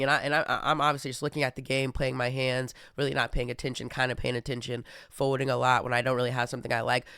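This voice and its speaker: A man's voice: medium pitch, a bit bright, clear, resonant tone, no room sound, clean studio sound. A young man hosting a casual monologue, rambling with many fillers and restarts. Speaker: podcast host.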